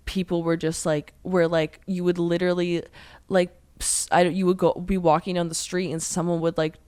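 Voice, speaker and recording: Chatty young woman, smooth dry voice. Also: fairly low pitch, flat delivery, normal speed, a little mellow, no echo. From Pennsylvania, USA. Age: 20s. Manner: rambling, chatty storytelling full of "like". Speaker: podcast guest. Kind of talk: casual podcast chat.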